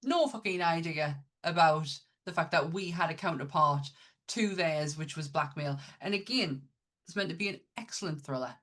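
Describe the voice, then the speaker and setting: Woman co-host, lower voice, northern English, eager and loose. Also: moderate pace, a bit bright. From Northern England. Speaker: podcast co-host. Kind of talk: casual chat.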